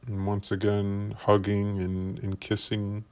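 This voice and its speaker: A man's voice: fairly low pitch, completely flat delivery, darkish tone, clean tone. A man giving investigative commentary, explaining screenshots step by step and often repeating words as he builds a point. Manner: measured, explains by walking through screenshots. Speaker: commentary youtuber.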